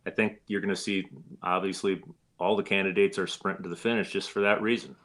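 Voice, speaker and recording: Brief: middle-aged guest from the upper midwest, low crisp voice, plainspoken and easygoing. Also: male voice. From Wisconsin. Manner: relaxed, plainspoken, with filler pauses. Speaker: guest, former state attorney general. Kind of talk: casual interview answers.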